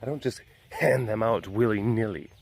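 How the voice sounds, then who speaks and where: A man voicing a haughty female big cat who is stingy with her squeaks, speaking in a prim, indignant way. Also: moderate pace, vocal fry, darkish tone.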